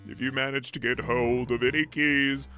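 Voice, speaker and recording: A man voicing a big, soft-hearted male crocodile prisoner who talks in a soft, pleading, sniffly way, reading game dialogue aloud. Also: medium pitch, flat delivery, normal speed, clear, resonant tone, soft background music, voice pushed down, close to an everyday voice. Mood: hushed.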